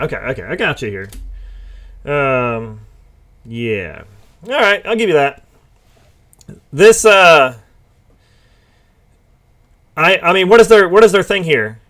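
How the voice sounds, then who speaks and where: A man's voice: a little high, fairly bright tone. Heated man reacting to legal letters. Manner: informal, stops to react and laugh, gets heated. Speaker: commentary host. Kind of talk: reading documents aloud with casual commentary. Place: home or office.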